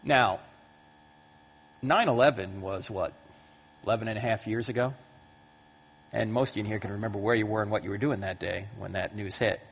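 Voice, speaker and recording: A man in his fifties giving a lively talk to a live audience in a large hall, acting out the voices in his stories. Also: on the low side, a little fast, creaky, pauses often, slightly rough. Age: 50s. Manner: lively storyteller who acts out quoted voices. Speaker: Christian apologetics speaker. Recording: long hall reverb.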